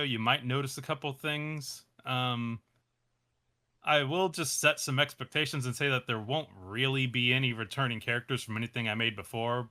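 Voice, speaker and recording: A man talking casually about his animation projects in an interview, hesitant with many fillers and soft laughs. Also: mid-range voice. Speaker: animation creator, interview guest.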